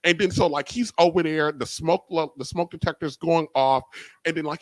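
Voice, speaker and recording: A man's voice: a little high, normal speed, no room sound. Laid-back man telling a family story. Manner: relaxed storyteller, laughs along, frequent "you know". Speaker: co-host. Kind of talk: casual storytelling.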